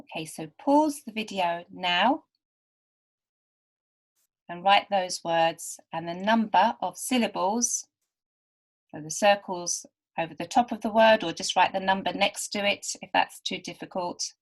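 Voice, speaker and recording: A woman teaching beginners to read, talking very slowly and patiently. She sounds out each word carefully and repeats it so learners can follow. Her voice sits at an ordinary middle pitch. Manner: patient, stretches and repeats words. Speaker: literacy teacher.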